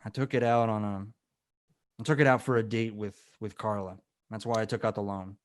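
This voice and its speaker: A man's voice: on the low side, fairly even intonation, a little fast, lightly acted. A man playing a boastful, lovesick captain who runs a casino on a cruise ship, talking brashly and calling people brother. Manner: brash, calls people brother, swings into mopey sulking. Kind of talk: improvised comedy character.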